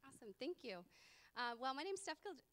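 A woman's voice: high voice, very animated, brisk, a bit bright. Woman, breathless, friendly, informal, church presentation, lots of ums, long hall reverb. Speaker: ministry director. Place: church sanctuary.

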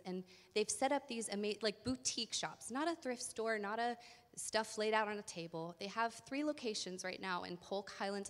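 Woman, breathless, friendly, informal, church presentation, lots of ums, long hall reverb. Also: medium pitch. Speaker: ministry director. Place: church sanctuary.

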